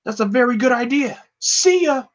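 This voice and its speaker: A man doing an impression of a gloating alien warlord, with a raspy, half-whispered voice and slow, drawn-out taunts. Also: extremely high pitch, expressive, pitched above the performer's own voice.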